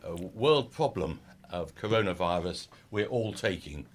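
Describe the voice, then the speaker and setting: A man's voice: deep voice, animated, measured pace, slight background noise. A man leading a church choir, talking as a guest on local radio in a friendly, hesitant way with lots of ums. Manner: friendly, hesitant with many fillers. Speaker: choir leader. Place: radio studio.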